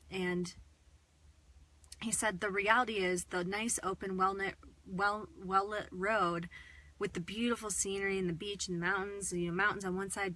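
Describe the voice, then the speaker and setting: Woman, channeling live stream, slightly hoarse, tired, chatty with fillers and soft laughs, bright voice, inside a car. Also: mid-range voice. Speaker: spiritual channeler.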